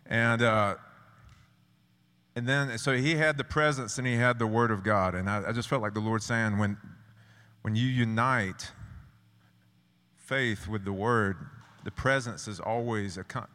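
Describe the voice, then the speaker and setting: A man from South Georgia with a Southern accent preaching a sermon, earnest and halting with many restarts. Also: fairly low pitch, bright, forceful tone, big-room sound.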